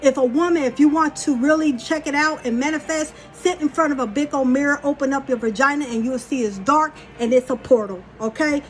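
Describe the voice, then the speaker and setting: High-voiced, blunt woman, casual profane spiritual storytelling. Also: fairly quick, few pauses, faint music behind. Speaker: spiritual channeler.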